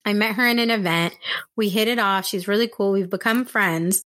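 A woman podcast host from San Diego, telling stories in casual chat and acting out quotes in excited voices. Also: normal speed, no room sound, clean studio sound. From San Diego, USA. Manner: animated storyteller, acts out quotes with high excited voices.

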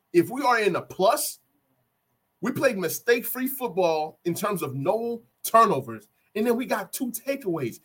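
A man with a fairly high, husky voice recaps a football game as a fired-up fan. He talks it through play by play and repeats the big moments for emphasis. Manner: animated, repeats key plays for emphasis. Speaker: sports fan vlogger.

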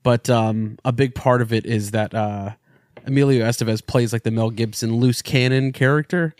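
Podcast co-host, middle-pitched man, gushing and profane. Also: normal speed, no echo, clean studio sound. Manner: excitable, profane enthusiasm. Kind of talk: casual comedic chat.

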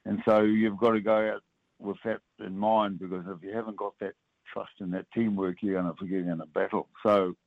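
An older New Zealander and former rugby player is interviewed by radio hosts over a thin, tinny phone line with no room echo. His low voice has vocal fry and little pitch movement, and he speaks in halting bursts, trailing off and restarting with many fillers.

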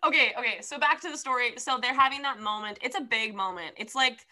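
A young woman co-hosting a casual book chat, talking fast with lots of fillers and frequent laughs. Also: high voice, sharp tone. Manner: chatty, filler-heavy, laughs often.

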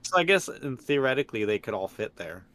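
A man co-hosting a podcast, relaxed and chatty, who laughs a lot and trips over his sentence starts. His voice sits at an ordinary middle pitch. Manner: easygoing, laughs often, halting restarts. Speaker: podcast co-host. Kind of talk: casual chat.

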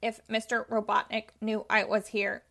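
A woman reading the part of a polite, timid old robot built from scrap, speaking a little louder than her narration. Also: medium pitch, monotone, normal speed, vocal fry. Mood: earnest, polite. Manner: polite, respectful speech.

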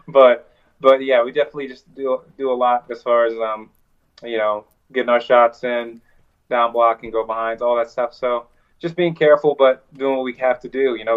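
Male wrestler guest, rambling storyteller, mid-pitched voice, dull lo-fi remote line. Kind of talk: casual interview chat.

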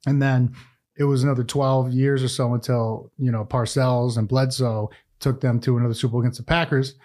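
A man's voice: medium pitch, level tone, a little fast, darkish tone. Man, forties, from Massachusetts, podcast guest, easygoing storyteller, laughs a lot. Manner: laid-back storytelling, laughs often, swears casually. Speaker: podcast guest, former football player. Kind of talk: casual chat.

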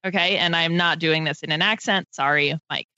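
A woman's voice: deep voice, brisk, pushed and bright, no echo. A woman hosts a casual podcast and runs a word game. She laughs often and keeps a playful tone. Her voice sits in a dry, slightly muffled recording. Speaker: podcast host running a game.

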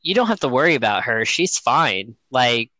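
A man's voice: medium pitch, normal speed, no echo, low-quality recording. A man casually telling a personal story, laughing often and acting out the quotes. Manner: laughs often, animated retelling with quoted voices.

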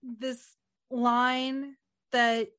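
Animated, swearing woman recapping a movie. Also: on the high side, extremely slow, clean tone. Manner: animated retelling, casual swearing. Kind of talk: casual movie recap chat.

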